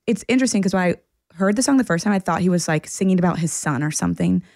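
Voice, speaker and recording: A woman's voice: fairly low pitch, expressive, racing, vocal fry, darkish tone, dry recording, clean studio sound. A woman co-hosting a podcast in casual chat, musing thoughtfully and easily. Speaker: podcast co-host.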